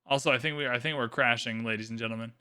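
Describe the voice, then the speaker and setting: A man commentating a live game stream, excitable and theatrical, swinging from shouts to mumbled asides. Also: medium pitch, very fast, clean tone. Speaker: livestream host commentating an AI game tournament.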